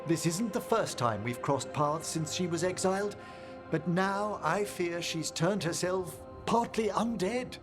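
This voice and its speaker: An actor playing a refined, courteous older scholar of death magic in video game dialogue, speaking in a formal, measured and wistful way. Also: male voice, high-pitched, over music.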